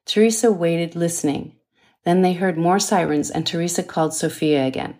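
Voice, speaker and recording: Audiobook: author reads her thriller, low-ish female voice, measured and dramatic. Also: mellow. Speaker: author reading her novel. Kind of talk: audiobook narration.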